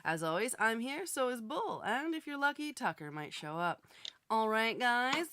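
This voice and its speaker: A young woman hosting a live online chat show, talking casually and animatedly, quick to laugh. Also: on the high side, very animated, a bit bright, clean tone, no echo. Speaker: host.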